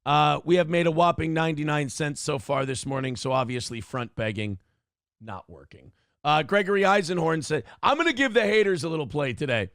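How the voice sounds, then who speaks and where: A man hosting a live show, reading chat aloud and firing back at trolls in a sarcastic, teasing way. His voice sits fairly high and carries a gravelly rasp. The sound is close and dry, with no room around it. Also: animated, a little fast, a bit bright, no echo. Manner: reads out chat comments. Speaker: radio show host. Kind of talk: live-stream donation appeal.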